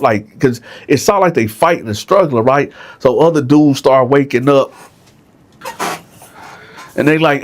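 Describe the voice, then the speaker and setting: A man telling a story in a casual storytime, animated, often checking in with his listeners with "right?". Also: mid-range voice, measured pace. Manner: animated, keeps asking "right?". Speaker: storyteller host.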